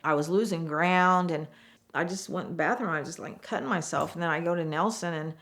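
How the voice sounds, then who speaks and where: A middle-aged woman, a former car saleswoman, telling frank stories in a chatty, animated way and acting out the voices of the people in them. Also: on the low side, fairly quick. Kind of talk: casual storytelling interview.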